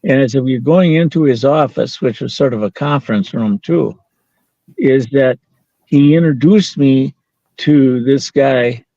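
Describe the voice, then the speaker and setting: A man's voice: mid-range voice, unhurried, mellow, no room sound, muffled recording. An older man telling a story as an interview guest, quoting the people in it and laughing now and then. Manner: anecdotal, quoting others in dialogue, with laughs.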